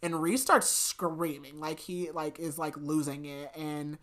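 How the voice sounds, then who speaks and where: A woman's voice: low-pitched, steady tone, measured pace. A woman co-hosting a podcast, chatty, retelling a story with lots of filler words. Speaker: podcast co-host. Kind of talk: casual book recap chat.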